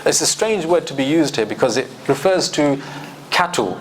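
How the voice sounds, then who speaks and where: A man teaching a scripture commentary lesson in a lively way, acting out quoted speech and reciting Arabic verses. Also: on the high side, moderate pace, a little hiss or hum.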